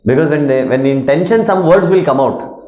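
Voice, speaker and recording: A man's voice: on the high side, animated, fairly quick, over a noisy crowd. A man with an Indian accent giving a devotional talk, retelling scripture and acting out its characters' lines. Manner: acts out characters' lines, asks audience to repeat. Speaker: spiritual teacher. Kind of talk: devotional lecture with storytelling. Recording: dull echoey hall recording.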